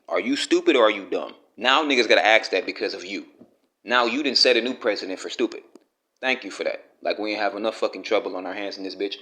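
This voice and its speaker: A man's voice: fairly low pitch, a bit bright. Casting: man, blunt and profane, scolding his subject straight to camera in a vlog rant. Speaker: commentary vlogger.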